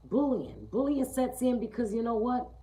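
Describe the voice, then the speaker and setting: A woman speaks to her live audience at an unhurried, deliberate pace, circling back to the same phrases for emphasis. She often pauses to ask "okay?" and sinks her voice low and quiet when she drives a point home. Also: lively intonation, rough recording. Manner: emphatic, repetitive, keeps asking "okay?". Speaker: live stream host. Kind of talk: live-streamed motivational talk.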